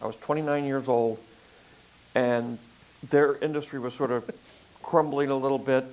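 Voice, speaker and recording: An older man filmmaker in a relaxed interview conversation, talking in a rambling way with frequent fillers and restarts. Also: mid-range voice, normal speed, rough recording. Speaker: filmmaker guest.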